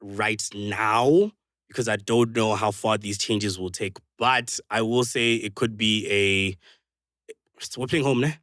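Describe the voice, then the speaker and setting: A man, a podcast co-host in casual football chat, who gets animated and acts out what other people say. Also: on the low side, slow, dry recording, clean studio sound.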